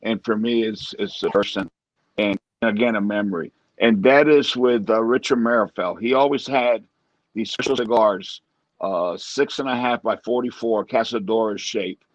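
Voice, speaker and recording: A man co-hosting a relaxed chat, speaking reflectively and circling back over his own words. The sound is dry and somewhat muffled. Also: on the low side, moderate pace, dry recording. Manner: reflective, repeats his phrases. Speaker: co-host. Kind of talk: casual chat, reminiscing.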